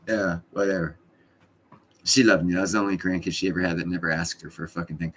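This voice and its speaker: A man's voice: low voice, flat delivery, fast talker, fairly bright tone, slight background noise. A middle-aged man hosting his own live stream from home, chatting casually in a rambling, blunt and profane way.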